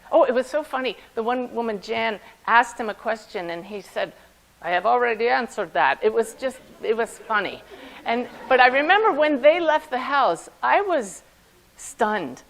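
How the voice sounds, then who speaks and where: The audio here is poor, and the woman's pitch runs fairly high. Giving a talk as a spiritual medium, she recounts a personal story to her audience and brings its quoted voices to life.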